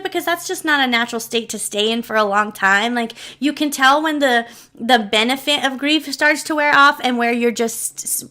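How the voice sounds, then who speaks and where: A woman shares a personal story straight to camera in a loose, rambling vlog. Her voice sits a little high and sounds very bright and forward. She wanders into asides and fillers and lets her feelings show. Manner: chatty and rambling, many asides and fillers, emotional. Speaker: storyteller and channel host.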